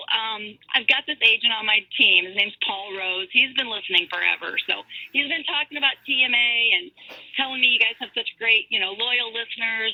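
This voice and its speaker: A woman realtor calling in to a radio show, telling a story in chatty, animated fashion. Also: medium pitch, breathy edge, no room sound, highs cut off. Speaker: realtor guest. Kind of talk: casual radio chat.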